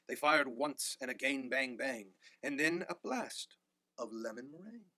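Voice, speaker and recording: A man reading a rhyming picture book aloud with animated delivery. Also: medium pitch, measured pace, no room sound. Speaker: storyteller.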